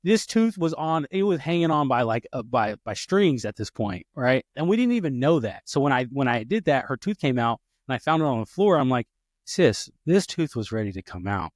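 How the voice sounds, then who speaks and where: Rambling, restarting podcast dad. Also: male voice, medium pitch, sing-song, fairly quick, no room sound, clean studio sound. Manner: rambling with many restarts and fillers; acts out quoted dialogue. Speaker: podcast host. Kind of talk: casual conversation.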